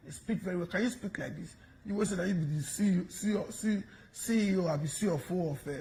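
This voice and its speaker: A Nigerian man giving mocking, animated commentary in pidgin, taunting and laughing as he talks. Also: sits high, fast. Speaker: online commentator.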